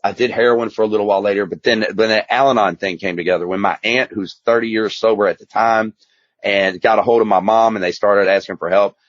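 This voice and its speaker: In a slightly muffled, dry recording with no room sound, a male addiction specialist and author talks fast in a lowish voice with fairly even intonation. As a guest in a casual storytelling interview, he tells his story candidly, rambling and emphatic.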